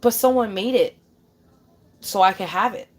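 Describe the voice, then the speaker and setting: A woman's voice: mid-range voice, normal speed. A woman ranting casually to her camera, swearing often, repeating herself for emphasis and calling the listener babe. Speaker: vlogger.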